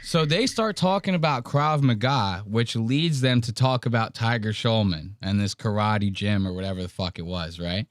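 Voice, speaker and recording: A man's voice: fairly low pitch, normal speed, few pauses, no echo, clean studio sound, faint music behind. A man hosting a podcast, casually commenting on clips, swearing freely and acting out the people he quotes. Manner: animated, profane, acts out quotes in varied voices. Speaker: podcast host.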